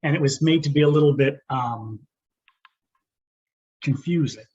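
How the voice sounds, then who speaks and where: A man's voice: on the high side, unhurried, darkish tone. A man in his fifties, a podcast co-host, telling stories in casual chat in a reflective, thoughtful way. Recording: muffled lo-fi with faint hiss.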